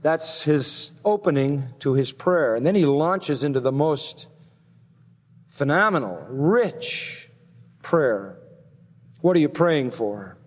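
Emphatic preacher in a reverberant hall. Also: male voice, a little high, lively intonation, takes it slowly. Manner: emphatic preaching, voice climbing on key phrases. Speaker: pastor. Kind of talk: expository sermon.

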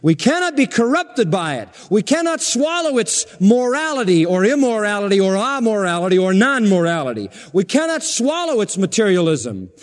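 A man's voice: high-pitched, big-room sound. A man preaching a sermon as pastor in a church, emphatic and insistent with repeated phrases.

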